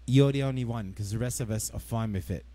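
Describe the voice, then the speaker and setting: A man's voice: mid-range voice, fast talker, mellow. A man, a musician guest on a livestream, chatting casually with dry jokes. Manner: joking, dry, dad-joke humor.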